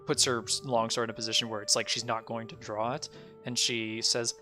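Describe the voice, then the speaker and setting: A man's voice: mid-range voice, level tone, brisk, pushed and bright, faint music behind. A man narrating as game master in a loose, rambling way, full of fillers.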